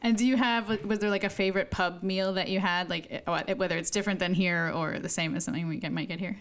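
Chatty woman host, quick to laugh. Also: lowish voice, steady tone. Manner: friendly interviewer, laughs often, quick follow-up questions. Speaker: podcast host. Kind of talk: casual podcast chat.

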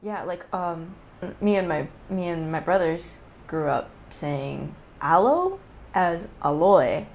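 A woman's voice: lowish voice, animated, slow pace, vocal fry. A woman from Hawaii hosting a casual podcast chat, teasing and laughing often. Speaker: podcast host.

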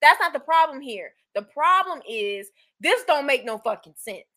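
Lively high-voiced woman recapping bluntly. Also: moderate pace. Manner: blunt, profane, animated, mocking quotes in put-on voices. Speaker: podcast co-host. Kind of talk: casual reality-TV recap chat.

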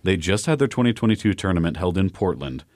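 Low-voiced rambling podcast host man. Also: animated, fast, darkish tone, no echo, studio quality. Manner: rambling, many fillers and restarts. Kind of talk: casual chat.

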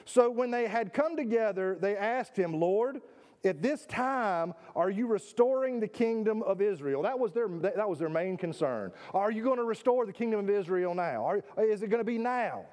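A man's voice: high voice, animated, normal speed, a little mellow. A man preaching a sermon to his congregation in a church sanctuary, emphatic, often repeating words and asking questions of his listeners. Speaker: pastor.

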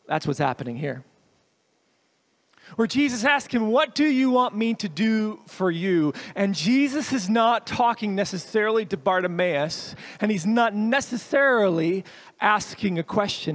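A man giving a sermon as a guest preacher, telling the story with lively shifts in loudness and emphasis. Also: high-pitched.

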